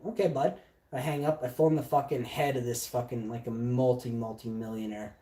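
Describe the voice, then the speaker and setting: A man's voice: medium pitch, level tone, brisk, dark tone. A man telling a personal story in a blunt, heavily profane casual monologue. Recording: echoey room, distant mic.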